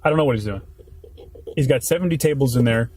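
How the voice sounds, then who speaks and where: A man's voice: mid-range voice, a little mellow. A young man hosting a podcast, chatting casually and joking in a parked car. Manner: quick, joking, teasing. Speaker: podcast host. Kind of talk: casual chat.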